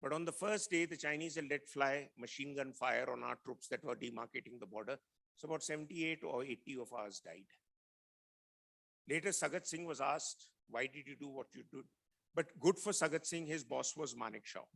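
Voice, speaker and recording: A man with a gravelly, bright edge to his voice tells old army stories in a blunt, offhand way. He speaks over a video call, slipping into the voices of the people he quotes. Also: medium pitch, moderate pace. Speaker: guest speaker, retired army officer. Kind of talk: anecdotal storytelling talk.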